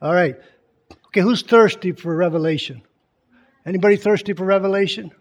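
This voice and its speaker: Guy with a high voice preaching to a church crowd, chatty, keeps asking the room questions. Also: a little fast. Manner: keeps quizzing the congregation with questions; reads scripture aloud with added emphasis. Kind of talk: conversational church teaching.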